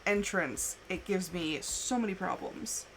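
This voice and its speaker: A woman's voice: lowish voice, unhurried, slight background noise. A woman game streamer chatting casually with her viewers, telling stories and laughing between bits of play. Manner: chatty, storytelling with laughs and animated quoted voices. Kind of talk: casual live-stream chat.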